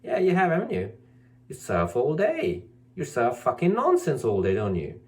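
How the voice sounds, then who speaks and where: A man playing the role of a spiritual teacher delivers a preachy monologue to camera, his pitch swinging hugely at a moderate pace. He scolds emphatically, repeats his points, and mocks people's excuses in a whiny, high voice.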